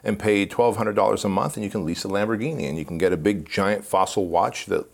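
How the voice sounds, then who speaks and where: A man with a very deep voice tells stories in a lively, animated way during a casual interview. He laughs often as he talks. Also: a little fast, vocal fry. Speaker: podcast guest.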